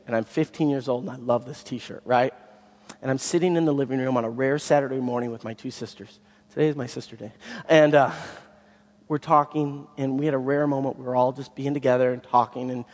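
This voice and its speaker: A man preaching a sermon as the pastor, telling stories with animation and swinging from loud to hushed. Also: medium pitch. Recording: long hall reverb.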